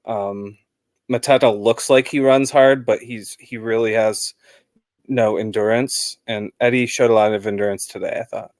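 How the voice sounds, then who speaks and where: A man's voice: on the low side, fairly even intonation, moderate pace, darkish tone, dry recording, studio quality. A man chatting casually as a guest fan about a football match, rambling with lots of fillers.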